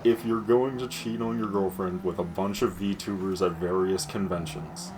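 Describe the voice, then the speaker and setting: A man with a lowish voice chats loosely over a racing game, spinning gossip with lots of energy and plenty of swearing. He laughs easily and keeps the talk rolling. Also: normal speed, noisy background. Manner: animated gossipy storytelling, swears freely, laughs often. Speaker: co-host chatting over a racing game playthrough. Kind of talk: casual gaming chat.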